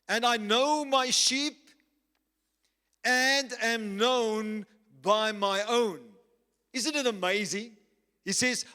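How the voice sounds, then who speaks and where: A male pastor preaching a sermon, slow and emphatic, repeating key phrases. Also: very high voice, pushed and bright. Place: church. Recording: reverberant church hall with faint music.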